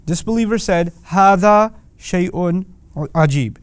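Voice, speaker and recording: A man teaching a lecture on the language of the Quran, animated and emphatic, often asking rhetorical questions. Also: high voice, moderate pace, smooth, dry recording.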